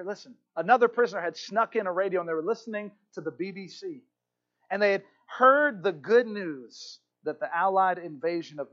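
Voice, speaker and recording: A male pastor preaching a sermon, telling a story with passion and moving from hushed lines to shouts. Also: high-pitched, lo-fi sound.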